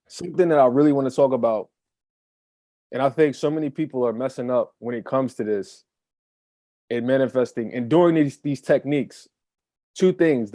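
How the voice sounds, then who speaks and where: A man's voice: mid-range voice, dark tone, no room sound, clean studio sound. A man co-hosting a casual chat as a manifestation coach, speaking emphatically and repeating key phrases for effect.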